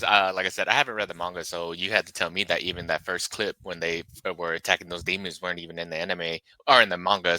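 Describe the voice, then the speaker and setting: Deep-voiced man with a bright, dry sound. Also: no room sound, low-quality recording. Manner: relaxed, hesitant with fillers and restarts. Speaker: podcast guest. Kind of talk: casual podcast chat.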